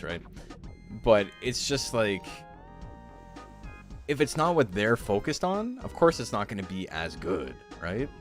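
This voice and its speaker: A young man chatting casually on a game stream, rambling with lots of fillers and frequent laughs. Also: lowish voice. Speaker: streamer and game tournament host. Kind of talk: casual chat while streaming.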